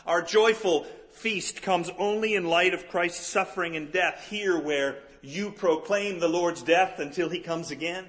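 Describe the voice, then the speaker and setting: A middle-aged man with a high voice preaches a sermon as a pastor, moving back and forth between emphatic peaks and soft, slow, quiet moments.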